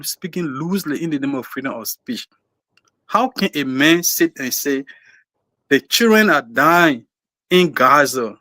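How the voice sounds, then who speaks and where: A man's voice: a little high, pushed and bright, dry recording. A man with a Liberian English accent arguing emphatically on a talk-show panel, repeating words as he builds his point. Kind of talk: heated talk-show discussion.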